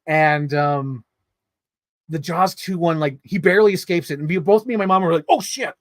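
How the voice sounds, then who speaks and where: A man giving a casual, animated movie review as a story, swearing freely and getting excited. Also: on the high side, normal speed, no room sound.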